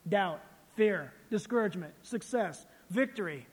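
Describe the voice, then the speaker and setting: A man preaching a sermon as pastor, animated and acting out little scenes. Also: high-pitched, unhurried, pauses often, long reverb tail.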